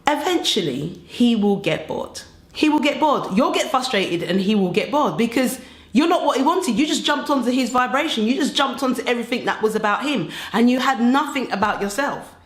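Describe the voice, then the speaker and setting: A young woman giving relationship advice to camera in a chatty, animated way, acting out little scenes as she goes. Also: a little high, fairly quick. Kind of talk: casual advice monologue to camera. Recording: roomy echo.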